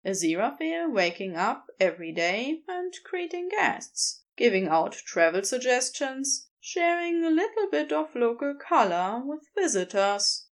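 A woman narrating fan fiction aloud with expressive storytelling. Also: on the high side, unhurried, few pauses.

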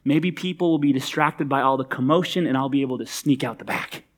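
A man's voice: mid-range voice, fairly quick. A man preaching a sermon in a conversational, humorous, emphatic way. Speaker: pastor.

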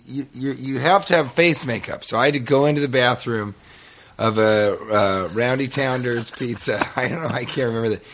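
A man's voice: medium pitch, normal speed, fairly bright tone. Rambling, profane man telling a story. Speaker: podcast co-host. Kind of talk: casual storytelling chat.

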